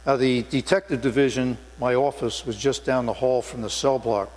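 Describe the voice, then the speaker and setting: A man's voice: medium pitch, steady tone, moderate pace, darkish tone. An older man, a former police sergeant, preaching a sermon in a church sanctuary with earnest storytelling and emphatic stresses. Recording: long hall reverb with mains hum.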